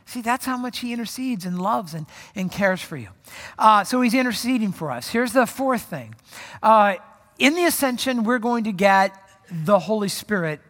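A man's voice: high-pitched, animated, normal speed, a bit bright, long reverb tail. A man preaching a sermon in a conversational way, often acting out quoted voices. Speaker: pastor.

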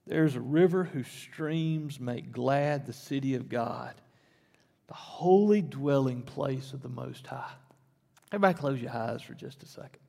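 A male pastor delivers a sermon in a church sanctuary, his medium-pitched, gravelly, somewhat dark voice moving at a normal speed. He talks conversationally, then climbs to emphatic peaks. The recording carries the long reverb of a church hall.

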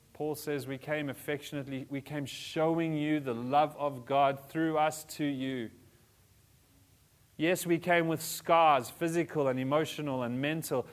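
A man in his forties preaching a sermon as a pastor, animated, joking with the congregation and swinging between soft and loud. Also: on the high side. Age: 40s. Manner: animated, varies loudness, jokes with congregation.

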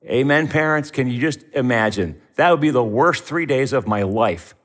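A man's voice: mid-range voice, lively intonation, normal speed. A middle-aged man preaching a sermon as pastor, telling the story with animation and acting out the voices in it.

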